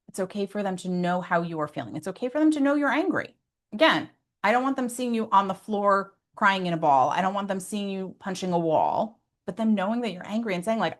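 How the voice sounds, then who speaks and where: A woman's voice: medium pitch, lively intonation, brisk. A woman giving parenting advice in an earnest, conversational way, often adding "like" and "right?" as asides. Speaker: behavior specialist.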